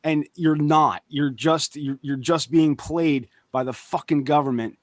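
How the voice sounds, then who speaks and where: A man's voice: on the high side, steady tone, unhurried, no echo. A man, a punk musician guesting on a podcast, talking casually and rambling, swearing often and losing his thread. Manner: profane, rambling, loses his train of thought. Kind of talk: casual chat.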